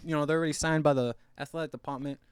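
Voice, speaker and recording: A man's voice: fairly high pitch, steady tone, very fast, smooth, dry recording, voice pushed up, close to an everyday voice. A man voicing a cocky young boxer who talks in a casual, smug, raised voice.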